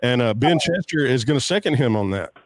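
A man with a mid-pitched voice steers a casual podcast chat. He sounds relaxed and keeps the talk moving along. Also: brisk. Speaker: podcast co-host.

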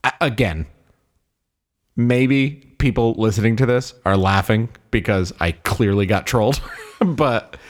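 A man hosting a casual movie podcast, relaxed and laughing often, with lots of fillers. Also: fairly low pitch, unhurried. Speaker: podcast host.

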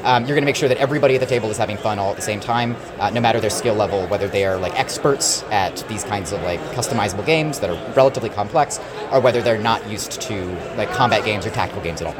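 A man's voice: on the low side, quick pace. A man showing his game at a convention, short on sleep and losing his voice, telling a rambling story full of fillers. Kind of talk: convention floor interview. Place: busy convention hall. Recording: loud crowd chatter behind.

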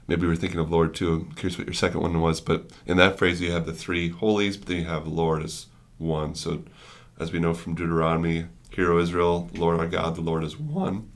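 A male pastor with a very deep, gravelly voice. He speaks in a flat, even line, thinking aloud and feeling for his words as he discusses scripture. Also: fairly quick, hardly any pauses. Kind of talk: devotional discussion.

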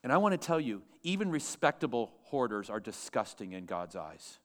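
A man's voice: medium pitch, big pitch swings, moderate pace, a bit bright. A man pastor preaching a sermon to his church, emphatic and asking the congregation questions.

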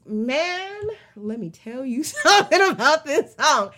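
A woman hosting a casual song breakdown, talking emphatically with plenty of swearing. She moves between heated rants and slow, drawn-out musing. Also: high-pitched, big pitch swings, a bit bright. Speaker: podcast host.

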